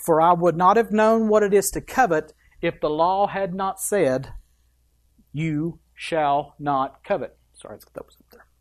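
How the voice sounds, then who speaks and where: Emphatic preacher reading scripture aloud. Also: medium pitch. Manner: emphatic, reads scripture aloud with quick asides. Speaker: pastor. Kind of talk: sermon.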